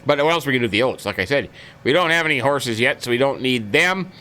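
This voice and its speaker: A man's voice: medium pitch, expressive, quick pace, pushed and bright, low-quality recording. A man hosting a farming-game let's-play, chatting casually in a folksy, rambling way and repeating his stock phrases. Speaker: gaming channel host.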